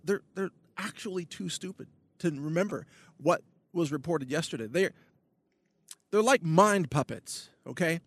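A man's voice: on the high side, dry recording. A man delivering an indignant, sarcastic political rant as a solo video blog. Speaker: political commentator.

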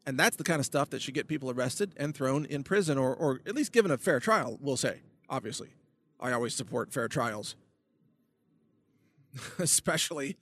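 A man's voice: mid-range voice, fairly bright tone. A man delivering an indignant, sarcastic political rant as a solo video blog. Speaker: political commentator.

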